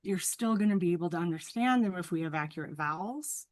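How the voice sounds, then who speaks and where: A woman with a lowish voice talks as a guest speech-language pathologist, laying out her points in an earnest, teacherly manner. She often checks in with the listener by asking "right?". The sound is close and dry, with no room echo. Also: expressive, fast, darkish tone. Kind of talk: explanatory professional conversation.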